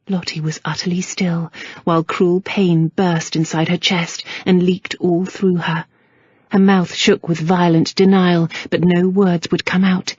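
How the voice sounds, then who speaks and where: Husky lady reading an audiobook, even and steady, dry slightly dull sound. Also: on the low side, a little slow, no echo. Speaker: audiobook narrator. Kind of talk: scripted narration.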